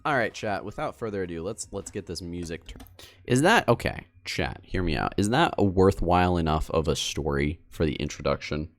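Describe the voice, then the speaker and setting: A man's voice: deep voice, lively intonation, brisk. A young man streamer chatting casually with his viewers while editing a video, rambling and cutting himself off. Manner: rambling, self-interrupting, addressing chat.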